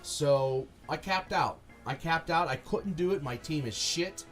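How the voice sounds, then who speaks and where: A man streaming a video game, talking in a halting, angry, exasperated way, swearing often and restarting his sentences. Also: a little high, faint music behind. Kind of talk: frustrated gameplay commentary.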